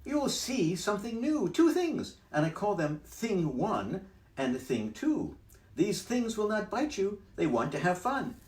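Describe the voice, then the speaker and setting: A man's voice: high-pitched, very animated, measured pace, a little mellow, voice pushed up. A man doing a jaunty, showy mischief-making cat. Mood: playful. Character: cheeky mischievous cat in a hat, male, playful. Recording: roomy sound from a distance.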